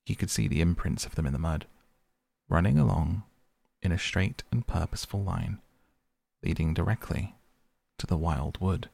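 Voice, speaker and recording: Male storybook narrator, very low and gravelly, husky, dry close sound. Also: moderate pace, long pauses, a little mellow, no room sound. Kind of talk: storybook reading.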